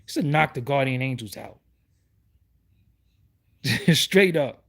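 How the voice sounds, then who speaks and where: A man's voice: mid-range voice, expressive, slow pace, gravelly, a bit bright. A middle-aged man, hosting his own online show and ranting to his viewers with heated, repeated rhetorical questions. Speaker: YouTube show host. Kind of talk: livestream rant.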